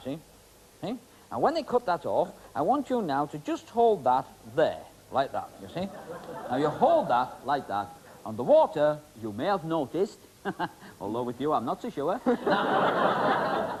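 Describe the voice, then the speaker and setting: A man's voice: on the high side, darkish tone, slightly rough, poor audio. A man working as a stage magician, bantering in a joking, rambling way with volunteers on stage. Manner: joking, rambling, teasing, full of ums. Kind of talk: comic stage patter with volunteers.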